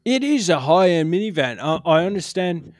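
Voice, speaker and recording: A man's voice: sits high, big pitch swings, dry recording, clean studio sound. A man playing a bossy boss who leans in and lays down the law to his new driver, in an improvised comedy scene. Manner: bossy, conspiratorial, fast-talking. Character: gruff middle-aged male boss hiring a driver.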